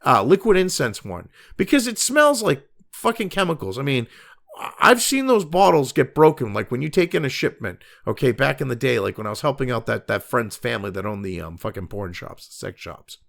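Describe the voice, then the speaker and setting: Animated, gravelly-voiced man ranting. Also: medium pitch, a little fast. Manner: angry, sarcastic, swearing constantly. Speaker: commentary host. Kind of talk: profane rant reacting to news.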